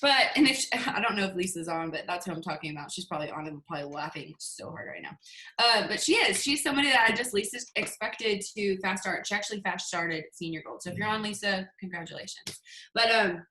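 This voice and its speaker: Chatty bright-voiced woman on a video call. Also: medium pitch, fast, echoey room. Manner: chatty, animated storytelling with acted-out quotes. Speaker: team leader giving a sales training. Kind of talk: casual motivational talk on a video call.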